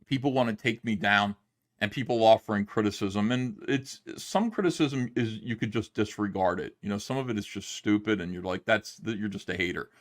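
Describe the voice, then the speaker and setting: A man's voice: fairly low pitch, a little fast. A middle-aged man, a comic book creator, telling a long story in a casual livestream monologue and acting out the quotes. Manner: rambling, animated retelling with acted-out quotes.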